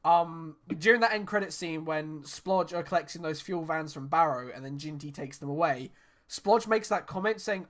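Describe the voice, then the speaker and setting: Brief: male guest on a call, loud, laughing, self-mocking. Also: fairly high pitch, normal speed. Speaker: voice actor and musician. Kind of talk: casual group call chat.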